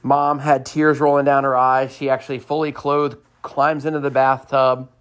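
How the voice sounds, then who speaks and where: A man's voice: medium pitch, flat delivery, normal speed, a bit bright, clean tone. A man hosting a motivational podcast, cheering listeners on with repeated upbeat lines and a personal story. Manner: enthusiastic, sing-song cheerleading repetition.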